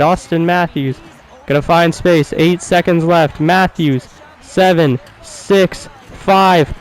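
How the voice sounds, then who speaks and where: A man commentating his own video game as he plays, excitable and profane, swinging from quiet muttering to loud cheering. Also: on the high side, measured pace, smooth, poor audio. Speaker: gaming YouTuber.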